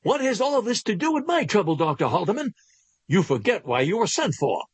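A man voicing a nervous, evasive gentleman patient, speaking in defensive, high-strung protests with a husky voice. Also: wildly swooping pitch, moderate pace, no echo, exaggerated voice. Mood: agitated.

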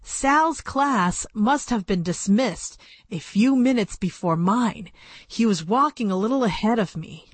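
A woman narrates a first-person story for an audiobook in a plain, measured storytelling manner, close to a studio mic. Her medium-pitched voice is animated with a breathy edge, and the recording is dry.

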